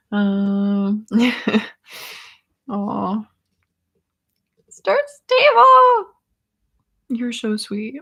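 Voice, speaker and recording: Her mid-range voice has a darkish tone as this young woman, a chronic illness vlogger, runs a relaxed livestream chat. She reads viewers' comments aloud, laughs a lot, and trails off with ums.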